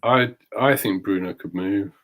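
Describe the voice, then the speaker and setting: A man's voice: on the low side, unhurried, a bit bright. A man co-hosting a boxing talk, firmly disagreeing and making his case. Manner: firm, argumentative. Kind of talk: casual boxing debate.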